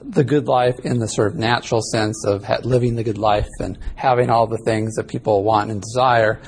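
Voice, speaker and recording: A man's voice: on the low side, fairly even intonation, moderate pace, darkish tone, slightly rough. A male ethics instructor giving a casual, rambling classroom lecture that he records live as a podcast. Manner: casual, rambling, self-correcting.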